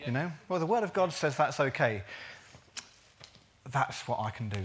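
A man's voice: mid-range voice, lively intonation, normal speed, a bit bright, slight background noise. A man preaching a sermon, earnest but jokey, drawing words out for emphasis.

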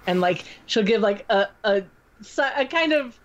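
Brief: woman player, hesitant and full of likes, mid-pitched voice, dull lo-fi recording. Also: animated, normal speed. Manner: hesitant, filler-heavy describing. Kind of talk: tabletop role-play narration. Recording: muffled lo-fi recording.

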